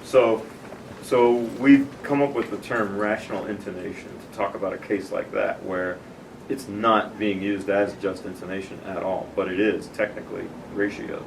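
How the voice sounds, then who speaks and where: Using a lowish, gravelly voice with a steady tone, a presenter patiently guides a small group through a tuning software demonstration step by step. He talks casually at normal speed, and the distant room mic records background noise.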